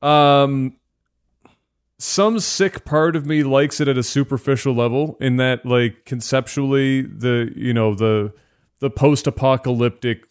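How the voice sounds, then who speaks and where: A man's voice: medium pitch, fairly even intonation, measured pace, clean tone. A man hosting a podcast in casual chat, laid-back as he reads out listener pledges and questions. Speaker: podcast host.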